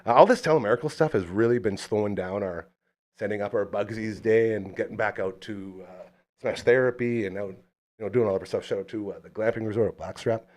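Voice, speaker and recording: A man's voice: lowish voice, a little fast, a little mellow. A man hosting a casual talk podcast, telling stories in a chatty way and reading sponsor plugs playfully. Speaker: podcast host. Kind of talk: casual chat.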